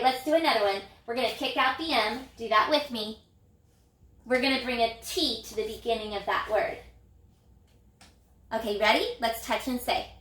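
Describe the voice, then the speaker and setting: A woman teaching an elementary phonics lesson, sounding out letters in a slow, encouraging, sing-song way. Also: a little high, a bit bright, roomy sound. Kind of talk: recorded phonics lesson for young children.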